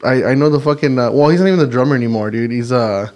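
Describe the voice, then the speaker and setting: A man's voice: medium pitch, fast, a little mellow. A man co-hosting a casual podcast, telling a story in a laid-back, profane way. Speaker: podcast co-host.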